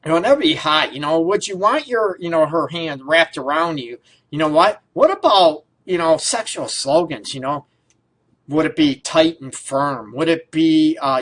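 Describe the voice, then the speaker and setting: A male radio host riffs casually into a studio mic, his voice sitting a little on the high side. He rambles through loose questions, padding them with fillers and breaking into chuckles. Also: fairly bright tone. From Detroit area. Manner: rambling, full of fillers, laughs often. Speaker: radio show host, relationship counselor.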